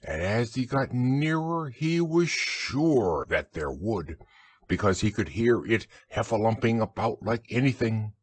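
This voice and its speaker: Slow, husky-voiced storyteller man. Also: lowish voice, no room sound. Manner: soothing, expressive storytelling. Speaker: narrator. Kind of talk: bedtime audiobook narration.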